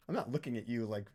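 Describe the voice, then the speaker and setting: A man co-hosting a casual film chat, teasing his friend in a playful way and laughing easily. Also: mid-range voice. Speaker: co-host.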